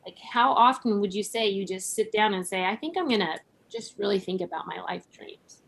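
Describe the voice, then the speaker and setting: A woman talking as a podcast guest in a relaxed conversation, reflective, laughing often and using many "like" and "right?" fillers. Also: medium pitch, normal speed, creaky.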